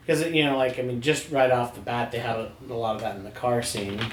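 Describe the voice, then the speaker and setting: A relaxed man on a podcast who asks questions to keep the talk going. His pitch is middling. The room echoes, and faint noise sits underneath. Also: fast. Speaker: podcast co-host. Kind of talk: casual chat.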